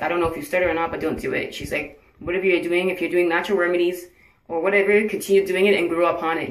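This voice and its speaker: A tired woman telling a personal story in a casual vlog, earnest and acting out what others said to her. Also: lowish voice. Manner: earnest, retells conversations in quoted speech. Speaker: vlogger sharing her cancer journey. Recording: echoey room, voice from a distance.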